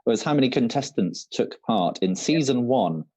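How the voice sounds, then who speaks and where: A man's voice: mid-range voice, expressive, moderate pace, dark tone. A man from Shropshire co-hosting a casual online quiz over a video call, hesitant and playful, with lots of ums. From Shropshire, England. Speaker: quiz co-host.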